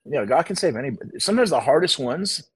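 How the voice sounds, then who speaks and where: Fast-talking husky male minister. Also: very animated. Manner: acts out quoted dialogue, voice jumping high. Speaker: guest minister. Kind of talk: animated testimony storytelling.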